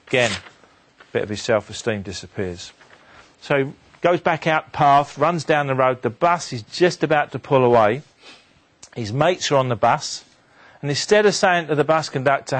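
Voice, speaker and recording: Man telling a story to a crowd. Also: normal speed. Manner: animated storyteller, drops voice low and quiet for sad beats. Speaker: motivational speaker. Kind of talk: storytelling talk to an audience.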